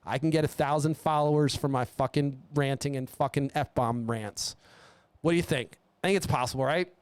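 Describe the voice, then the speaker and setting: Male podcast host, solo profane rant, smooth clear voice, dry close sound. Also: medium pitch, normal speed, no room sound. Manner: swearing, blunt, rambling. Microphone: studio mic.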